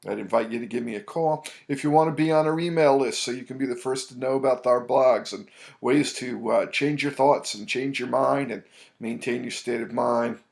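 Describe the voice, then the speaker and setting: A man with a gravelly, creaky voice talks straight to the viewer about handling anxiety. He speaks at a middle pitch and wanders through his points with fillers and restarts, like a coach chatting casually. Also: steady tone, normal speed. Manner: loose, rambling with many fillers and restarts. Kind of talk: casual advice monologue. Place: New York City.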